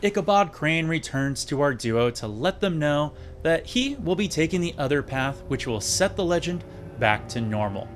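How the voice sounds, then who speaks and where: Sarcastic, animated male reviewer. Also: fairly high pitch, moderate pace. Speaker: video reviewer. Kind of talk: casual sarcastic episode review.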